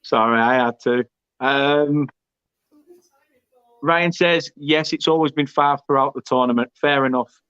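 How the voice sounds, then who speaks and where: A man runs a live football watchalong over dull, lo-fi stream audio with no room sound. His medium-pitched voice is smooth and fairly bright, a little slow, with long pauses. He reads viewer comments, jokes around, and frequently trips over and repeats words.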